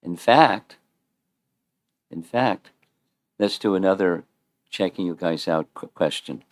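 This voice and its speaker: A man's voice: low-pitched, slow pace, no echo. A man giving an informal scripture class in a temple, chatty, quizzing his listeners and often restarting his sentences. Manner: conversational, quizzes the audience, repeats and restarts. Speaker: spiritual teacher giving a class.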